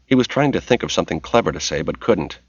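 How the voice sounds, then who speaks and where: A man narrating a novel as an audiobook in a steady, measured reading voice. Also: low voice, breathy edge, no echo, lo-fi sound.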